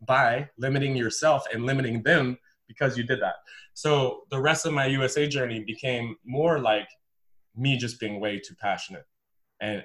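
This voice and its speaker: A man from the United States, a former pro volleyball player, telling his story as a podcast guest in an emphatic, animated, casual way. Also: medium pitch. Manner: emphatic and animated, repeats words, says "bro".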